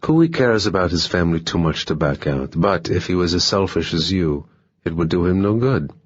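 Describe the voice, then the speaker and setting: A man's voice: low-pitched, normal speed, breathy edge, dry recording, lo-fi sound. A man doing a cold, contemptuous operative. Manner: contemptuous, calm.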